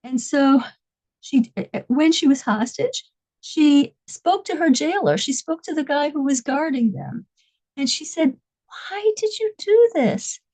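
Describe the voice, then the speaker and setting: A woman with a notably high voice tells a story in a casual talk. She stops and restarts often, repeating words as she feels her way forward. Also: lively intonation, a little mellow, rough recording. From United States, New York and Massachusetts. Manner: halting, with frequent repeats and restarts. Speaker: religious speaker.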